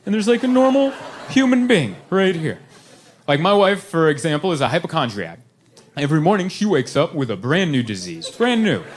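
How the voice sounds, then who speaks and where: A man doing a stand-up comedy set with deadpan, self-deprecating storytelling, live in a comedy club. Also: on the high side, fairly quick.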